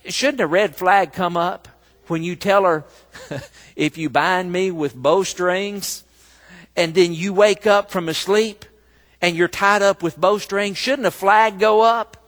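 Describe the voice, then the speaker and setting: A man preaching a sermon, telling a story slowly and breaking into loud, emphatic bursts. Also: high-pitched. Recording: long reverb of a large hall.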